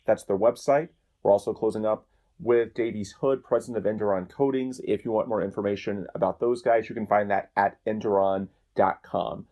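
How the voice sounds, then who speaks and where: A man's voice: fairly low pitch, steady tone, a little fast, warm tone. A man hosting a podcast, wrapping up in a conversational, rambling way. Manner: conversational, rambling, restarts mid-phrase. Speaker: podcast host. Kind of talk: podcast outro, casual talk.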